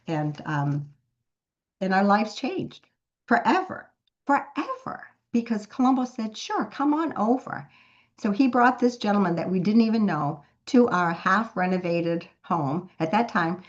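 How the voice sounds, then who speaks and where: A woman's voice: medium pitch, expressive, normal speed, highs cut off. A woman giving an earnest motivational talk as a business team leader, telling stories and repeating words for emphasis.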